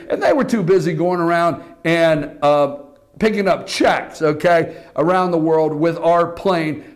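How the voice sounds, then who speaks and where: A man hosting a political commentary show, talking to the audience in an animated, repetitive way and calling them folks. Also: high voice. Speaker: political talk show host. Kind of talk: opinionated commentary.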